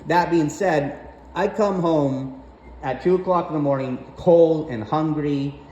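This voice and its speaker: Brief: slightly high-voiced man, profane and exasperated storyteller, echoey room with faint hum. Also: a little slow, dark tone, muffled recording. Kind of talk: casual storytelling rant.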